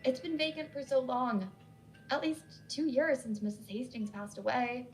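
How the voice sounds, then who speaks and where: Gushing, apologetic nurse in her thirties, read by a woman storyteller, slightly raised and brighter than the narration, faint music underneath. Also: sits high, moderate pace, pitched above the performer's own voice, close to an everyday voice, low-quality recording. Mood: chatty. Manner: gushing, apologetic, nervous laughs.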